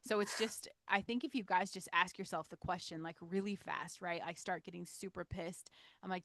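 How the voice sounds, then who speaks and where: A woman's voice: on the low side, steady tone, normal speed, a bit bright. Blunt, chatty woman podcast host. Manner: chatty and blunt, swears casually, rambles. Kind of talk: casual interview chat.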